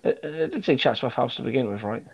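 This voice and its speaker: A man's voice: medium pitch, fast talker, breathy edge. A man telling a rambling, sweary anecdote in casual chat with friends, full of fillers and restarts. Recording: dull lo-fi recording.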